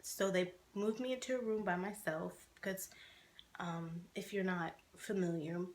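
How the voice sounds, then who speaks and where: A woman's voice: lowish voice, fairly even intonation, a little slow, darkish tone, slight background noise. Young woman telling her story candidly. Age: 20s. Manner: candid and conversational, many fillers and restarts. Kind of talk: personal storytelling to camera.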